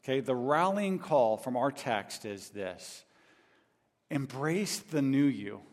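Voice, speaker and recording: A man's voice: medium pitch, lively intonation, slow pace, darkish tone. Male pastor, storytelling sermon full of restarts and "okay?" check-ins, long hall reverb. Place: large church hall.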